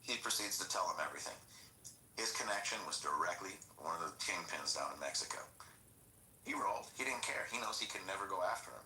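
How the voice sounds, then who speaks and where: Deep, bright-toned man telling a rambling story. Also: a little fast. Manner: rambling, animated storytelling with crude quoted dialogue. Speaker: podcast host. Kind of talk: casual storytelling chat. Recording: roomy echo, faint background noise.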